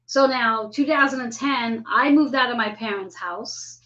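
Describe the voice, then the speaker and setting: A woman in her fifties hosting a casual spiritual astrology chat, talking in an animated way and acting out the voices she quotes. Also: fairly high pitch, a little slow, muffled recording. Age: 50s. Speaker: host.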